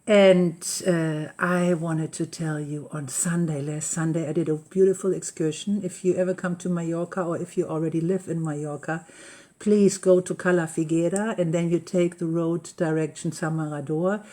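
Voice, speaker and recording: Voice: medium pitch, fairly even intonation, moderate pace, warm tone. A host telling everyday personal stories in a rambling, chatty way, often searching for the right English words. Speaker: host of a live coffee-and-talk session. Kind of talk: casual personal storytelling. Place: lives on a rural estate in Mallorca.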